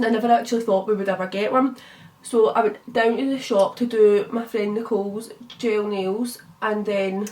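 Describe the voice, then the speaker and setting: A chatty Scottish woman in her twenties tells a long story at a quick clip while putting on makeup. She swears freely and fills her speech with casual asides. Her voice sits a little away from the microphone. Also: medium pitch, far from the mic, slight background noise. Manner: chatty, swearing, lots of fillers. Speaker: beauty vlogger.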